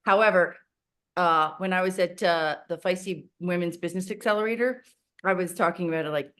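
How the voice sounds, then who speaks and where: A woman's voice: on the low side, a little fast. A woman telling stories casually in a group chat, blunt and joking. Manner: lively storyteller, blunt and joking.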